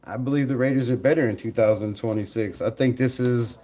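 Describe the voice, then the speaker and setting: A man hosting a casual live stream, animated, laughing often and talking to his chat. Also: mid-range voice, brisk.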